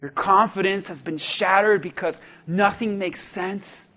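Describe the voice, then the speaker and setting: Male pastor, very high voice, slow and deliberate, preaching to his church with repeated lines that swell into shouts. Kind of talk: sermon.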